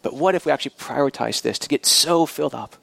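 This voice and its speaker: This country-raised pastor preaches his sermon in church loosely, restarting and adding asides as he goes. His mid-range voice is quick, a bit bright and touched with vocal fry, with no room sound.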